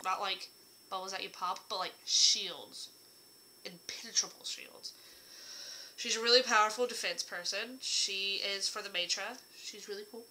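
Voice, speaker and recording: Bright-voiced young woman, slightly hoarse. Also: mid-range voice, slight background noise, low-quality recording. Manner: rambling, chatty, jokey asides. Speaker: writer describing her characters. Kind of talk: casual chat.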